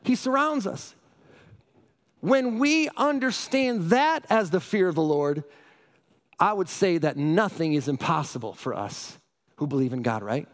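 A middle-aged male pastor preaching a sermon, energetic and often asking the congregation questions. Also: fairly high pitch, a little slow.

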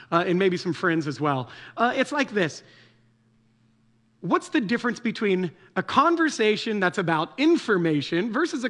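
A man's voice: high voice, a bit bright. A man preaching a conversational sermon to a congregation, joking and often checking in with "right?". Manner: casual, joking, asks the audience "right?" often.

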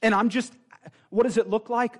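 A man preaching a sermon in a fervent, conversational way, with quick asides to the congregation. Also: high-pitched, fairly even intonation.

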